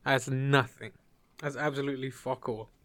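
Young British podcast co-host, crude swearing banter, middle pitch. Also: male voice, fairly even intonation, normal speed, fairly bright tone, dry recording. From Britain. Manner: crude, joking, swears a lot.

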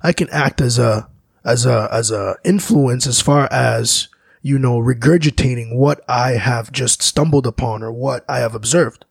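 A man, a musician, talking in a slow, searching, philosophical way, often restarting his sentences. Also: mid-range voice, creaky, husky, no echo. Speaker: musician guest. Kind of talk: reflective conversation.

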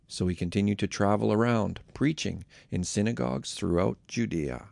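A man reading scripture aloud in a measured, expressive way, then giving a casual devotional comment on a close mic. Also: lowish voice, creaky, dry recording. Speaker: Bible reader and podcast host.

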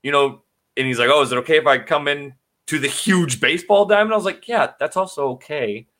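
A man's voice: on the high side, brisk, a bit bright. A man in casual chat who rambles through stories and acts out quotes. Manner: rambling storyteller, acts out quotes, laughs often. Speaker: podcast co-host.

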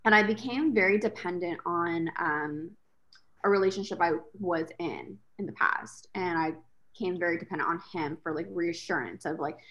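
A woman guest in a casual podcast chat, candid and expressive, swearing freely as she tells her story. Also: lowish voice, moderate pace.

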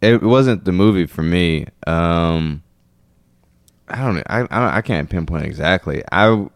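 A man co-hosting a podcast in casual chat, teasing and cutting in with quick jokes. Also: low voice, dry recording. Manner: teasing, quick interjections, laughs often. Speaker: podcast co-host.

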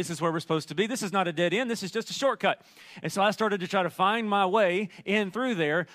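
High bright animated pastor, a man. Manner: storytelling, animated, jokey asides. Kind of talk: sermon.

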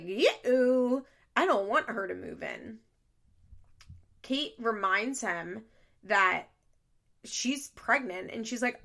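Woman podcast host, bright and forceful, casual profane recap delivery. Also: mid-range voice. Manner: blunt, profane, exasperated.

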